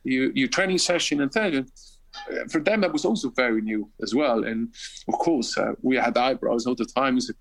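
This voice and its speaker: A man's voice: on the high side, sing-song, normal speed, a bit bright, poor audio. A Swiss-accented man in his fifties, a former footballer telling stories as an interview guest, chuckling and restarting his sentences. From Switzerland. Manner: chuckles often, rambling restarts. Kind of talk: casual storytelling.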